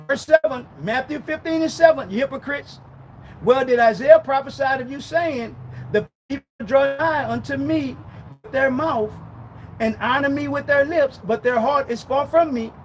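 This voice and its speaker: Man, preacher, very high voice, fiery, shouts and mutters, faint background noise. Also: normal speed, low-quality recording. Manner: loud, swings between shouting and muttering. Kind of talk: street-style sermon.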